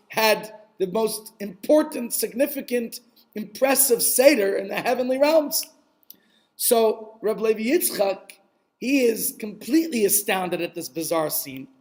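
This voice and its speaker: A man telling a Hasidic story aloud, animated and sprinkled with Yiddish words. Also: high-pitched.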